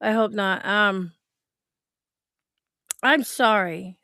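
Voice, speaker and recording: Smooth dry-voiced sympathetic woman. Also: medium pitch, very slow, pushed and bright, no echo. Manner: sympathetic, apologetic. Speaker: livestream host. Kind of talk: casual livestream chat.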